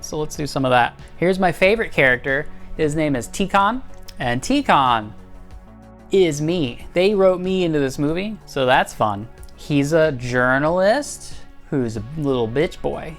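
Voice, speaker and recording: Low-voiced sarcastic woman reviewer. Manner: sarcastic, profane, mocks characters in silly quoted voices. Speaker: video essay host. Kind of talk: comedic movie review.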